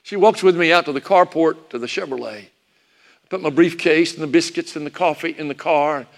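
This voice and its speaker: A man's voice: fairly high pitch, normal speed, gravelly. A preacher telling a sermon story, reminiscing about his parents. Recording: long hall reverb.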